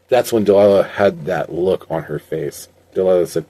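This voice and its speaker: A man with a fairly low voice reads his own story aloud as an amateur audiobook. His delivery is unpolished, with small slips and restarts along the way. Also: moderate pace, few pauses, mellow, no room sound.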